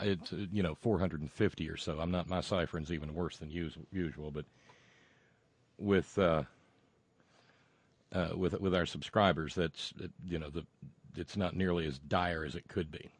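A man hosting a podcast alone, rambling and halting through sardonic remarks. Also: low-pitched, steady tone, no echo. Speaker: podcast host. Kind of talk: casual solo podcast monologue.

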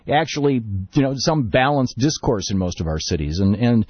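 Opinionated talk radio host. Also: male voice, mid-range voice, very animated, slightly rough, no echo, dull audio. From Detroit, Michigan. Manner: rapid, discursive, opinionated.

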